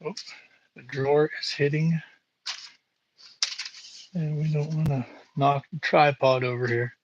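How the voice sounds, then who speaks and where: A man hosting a casual live stream from his home workshop, talking slowly with many fillers while he works. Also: fairly high pitch, fairly even intonation, highs cut off. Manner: slow, halting, lots of fillers. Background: buffing wheel hum.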